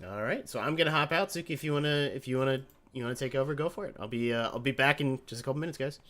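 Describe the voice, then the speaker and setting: A man's voice: medium pitch, very fast, a bit bright. Casual man casting a card game. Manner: chatty, self-correcting, joking. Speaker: tournament caster. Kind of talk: casual esports commentary.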